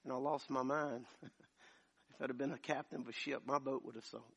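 A man preaching a sermon as pastor, moving from quiet storytelling to loud, shouted preaching. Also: medium pitch, fairly even intonation, brisk, vocal fry, husky. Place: church.

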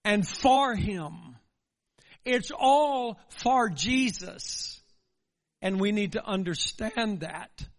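Very high-voiced, slow, impassioned male preacher. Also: a bit bright. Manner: impassioned preaching, voice swelling at climaxes; addresses the congregation directly. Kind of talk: sermon.

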